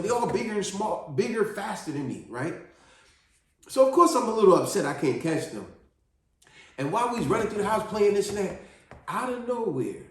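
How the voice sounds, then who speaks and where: A man telling a personal story in an earnest, animated monologue, often restarting his sentences. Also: mid-range voice. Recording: very echoey room.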